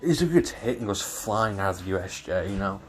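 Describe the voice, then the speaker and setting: A man's voice: lowish voice, lively intonation, fairly quick, faint music behind. A man improvising a fan-fiction story, rambling with many fillers and self-corrections.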